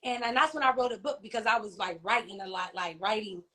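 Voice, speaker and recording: A woman speaking as an interview guest, telling of personal loss in a halting, heartfelt way, often pausing and asking whether she is understood. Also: mid-range voice, bright, forceful tone. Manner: halting, heartfelt, many fillers and restarts, often asks "you know what I mean?". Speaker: interview guest, grieving mother and author. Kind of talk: emotional personal testimony in an interview.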